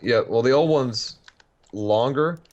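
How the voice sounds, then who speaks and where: A man's voice: medium pitch, takes it slowly, darkish tone, muffled recording. A man chatting casually while playing a video game as a guest, easygoing and rambling with many fillers. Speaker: guest player.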